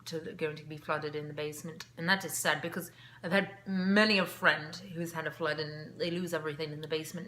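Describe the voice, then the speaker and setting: A woman's voice: fairly low pitch, a bit bright, a little hiss or hum. A woman from Scotland co-hosting a casual chat show, telling stories in a conversational, digressive way. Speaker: co-host.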